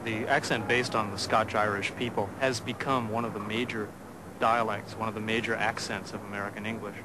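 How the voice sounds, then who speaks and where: A man's voice: fairly low pitch, flat delivery, brisk, very noisy. A man explaining dialects in an interview, thoughtful and stopping now and then with fillers. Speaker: language expert.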